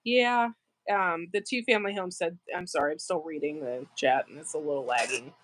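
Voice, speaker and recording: A woman's voice: deep voice, a little fast, no room sound. A woman hosting a casual live stream from her farm channel, rambling, laughing often and answering viewers in the chat. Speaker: farm channel livestream host.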